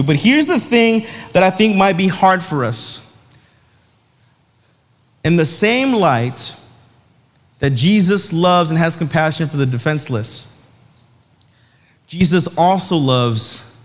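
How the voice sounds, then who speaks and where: A man's voice: fairly high pitch, lively intonation, measured pace, long pauses, long reverb tail. Young man preaching to students, casual and slangy. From South Dakota. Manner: casual storytelling with slang, acting out voices in anecdotes. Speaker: youth pastor. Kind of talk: sermon.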